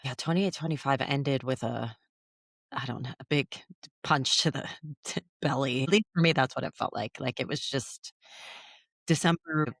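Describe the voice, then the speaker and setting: A woman's voice: a bass voice, normal speed, vocal fry, a bit bright, dry recording, clean studio sound. A woman co-hosting a podcast in casual chat, reflective and thinking aloud, often restarting her sentences. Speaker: podcast co-host.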